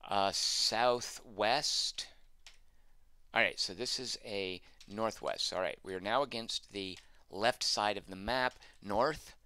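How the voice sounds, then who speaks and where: A man's voice: on the low side, pushed and bright, dry recording. A man streaming a text adventure, reading the game text aloud and adding wry, sarcastic asides.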